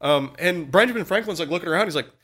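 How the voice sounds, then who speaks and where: A man with a high-pitched voice talks fast as a podcast co-host, casually telling a history story. He is animated and profane, slipping into different voices for the quotes.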